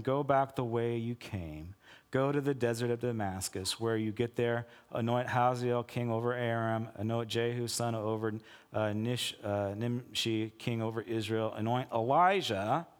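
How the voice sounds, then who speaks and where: Male pastor, sermon delivery, emphatic, mid-pitched voice, building to urgent appeals. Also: long reverb tail.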